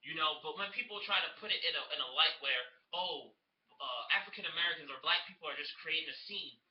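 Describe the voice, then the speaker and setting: A man's voice: on the high side, fast talker. A young man speaking earnestly and conversationally to his own camera at home, with many "you know" asides. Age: young adult. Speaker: vlogger. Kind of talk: casual personal commentary to camera. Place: indoors at home, TV audible. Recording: roomy, dull sound with faint hiss.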